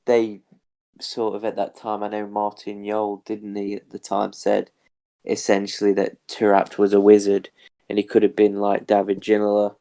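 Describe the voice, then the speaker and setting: Brief: man co-hosting a podcast, low, level and dry. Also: monotone, moderate pace, vocal fry, dark tone. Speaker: podcast co-host. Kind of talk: casual chat.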